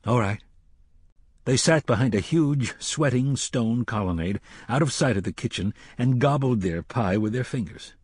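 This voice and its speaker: Husky-voiced man reading a story. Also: medium pitch, lively intonation, darkish tone, no room sound. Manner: measured storytelling, lifts voice for dialogue. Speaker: audiobook narrator. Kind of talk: scripted narration with character voices.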